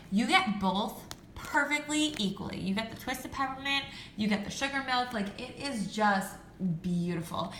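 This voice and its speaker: A woman's voice: medium pitch, pushed and bright, roomy sound, slight background noise. A young woman chatting casually through a product review, gushing and full of fillers. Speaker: beauty and home vlogger.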